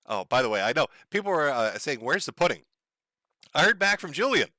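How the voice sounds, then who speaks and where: A man's voice: on the high side, very animated, fast talker, bright, forceful tone, dry recording. A man from the United States hosting a casual livestream, talking in a profane, sardonic way and chuckling often. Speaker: livestream host.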